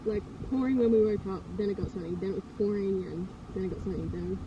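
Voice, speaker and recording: A woman chatting casually to a handheld camera as a travel vlogger, upbeat and quick to laugh. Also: mid-range voice, highs cut off, noisy background. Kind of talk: casual vlog chat.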